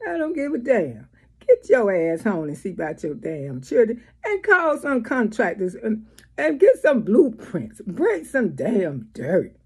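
A woman's voice: a little high, wildly swooping pitch, measured pace, slightly rough. A woman giving blunt, profane, scolding commentary in a vlog. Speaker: vlogger.

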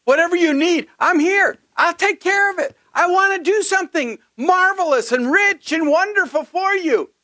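A man's voice: very high voice, moderate pace, few pauses, sharp tone, dry recording, voice pushed up. A man voicing a soaring, reassuring divine spirit.

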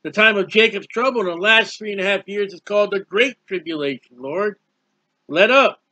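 A Bible teacher reads scripture aloud in an informal, earnest, rambling sermon, his high voice brisk and sharp. The recording is dull and lo-fi.

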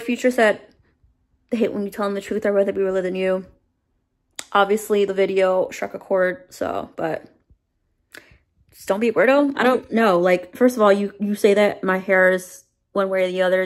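A woman's voice: mid-range voice, creaky. A woman in her twenties chatting casually to camera in her weekly vlog, candid and rambling, swearing now and then. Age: 20s. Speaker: vlogger.

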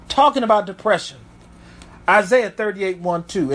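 High-voiced pastor reading scripture. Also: male voice, sing-song, normal speed, fairly bright tone. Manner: reads verses aloud, then comments emphatically, with stumbles and repeats.

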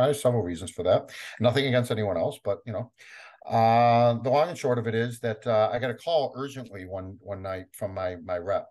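A man's voice: on the low side, darkish tone. A middle-aged man being interviewed, telling a story with energy and often laughing and acting out other people's voices. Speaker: interview guest, comic collector. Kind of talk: animated storytelling.

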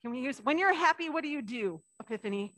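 A woman pastor giving a children's message in church, chatting playfully with the kids and reading a picture book slowly with lively emphasis. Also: high voice, dry recording. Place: church sanctuary.

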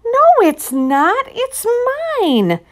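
A woman's voice: very high-pitched, expressive, drawn-out words, voice pushed up, exaggerated voice. A woman voicing a stubborn, possessive little girl in a picture book read-aloud, squealing and insistent. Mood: defiant.

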